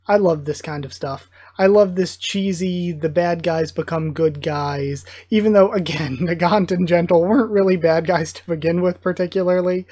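A man's voice: on the high side, darkish tone. A man hosting a live manga reading reaction, commenting in an enthusiastic, gushing fan manner. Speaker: reaction video host.

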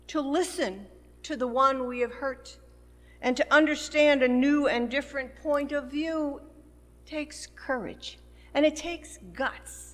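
Woman minister, sermon delivery, unhurried, in a sanctuary with long reverb. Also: high voice, fairly even intonation. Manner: slow, measured preaching with rising emphasis. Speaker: pastor. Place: church sanctuary. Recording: long church hall reverb.

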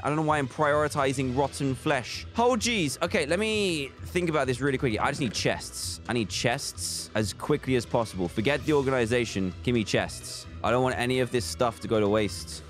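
A young man giving casual, animated commentary while playing a video game. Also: mid-range voice. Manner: animated, swings into panicked exclamations. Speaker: gaming YouTuber. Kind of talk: casual let's-play commentary.

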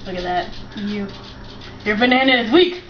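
A woman's voice: medium pitch, moderate pace, slight background noise. A young woman chatting playfully and teasingly while filming bloopers in a home kitchen. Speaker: video creator. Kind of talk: casual blooper chat. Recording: echoey lo-fi home video with loud music.

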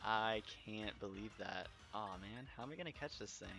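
Streaming a video game live, a man is overexcited and shaking, exclaiming and laughing between apologetic rambles into a desk mic that clips. His lowish voice is creaky, bright, and forceful at a moderate pace, with faint music behind.

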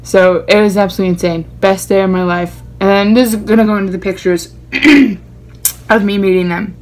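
A young woman vlogging in a casual chat, talking in an excitable, rambling and gushing way. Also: medium pitch, moderate pace.

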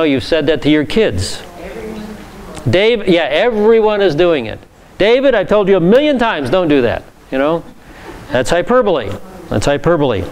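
A male pastor teaching a Bible class, reading scripture and explaining it with lively asides. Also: on the high side, clean tone.

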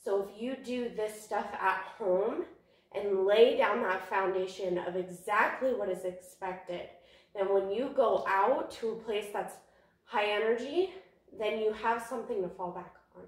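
A woman's voice: mid-range voice, a little slow. A young woman dog trainer, out of breath, giving a chatty, rambling training lesson. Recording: echoey room from far off.

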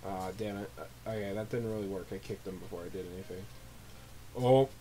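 A young man recording let's play commentary, swearing and swinging from low muttering to sudden shrieks of disgust. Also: a little fast, warm tone, a little hiss or hum. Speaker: gamer, channel host.

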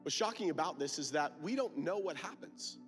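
A man's voice: a little high, animated, fairly quick, a bit bright, soft background music. A man preaching a sermon at a youth conference, emphatic and full of rhetorical questions.

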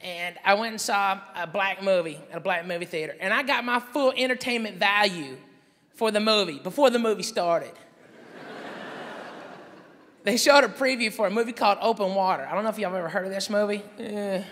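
A man doing a stand-up comedy routine on stage, telling a story loudly and conversationally, with asides to the audience. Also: high-pitched, big-room sound. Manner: loud, conversational, drawn-out storytelling with crowd asides. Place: stage before a live audience. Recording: live stage recording with crowd noise.

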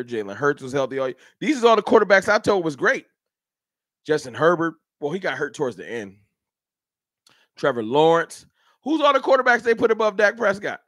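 High-pitched, fired-up fan show host. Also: male voice, fairly bright tone, no room sound, studio quality. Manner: heated, rhetorical, talks straight to chat. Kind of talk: animated live-stream sports rant.

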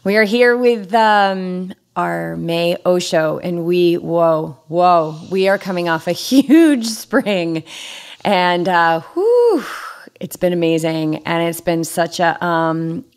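A middle-aged woman hosting a podcast, telling a story in a casual, animated way with many fillers and high-pitched quoted shouts. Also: slow, clear, resonant tone. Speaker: podcast host.

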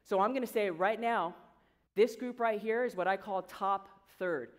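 A woman coach giving an energetic motivational speech to students, talking conversationally and quizzing the audience. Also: mid-range voice, moderate pace. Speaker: coach and guest speaker. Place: large event hall with an audience. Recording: long hall reverb.

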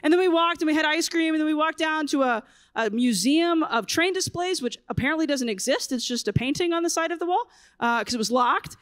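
A woman in her thirties delivers a humorous keynote from a conference stage in a high, bright voice. She tells family stories in a lively way and acts out her children's lines. The sound is close and dry, with no room echo. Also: fairly quick. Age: 30s. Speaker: conference speaker.

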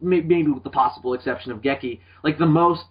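A young man with a slightly high, husky voice hosts a podcast, talking in loose, rambling chat and swearing freely. The audio is dull and lo-fi. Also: quick pace. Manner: rambling, animated, swears often. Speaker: podcast host. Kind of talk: casual chat.

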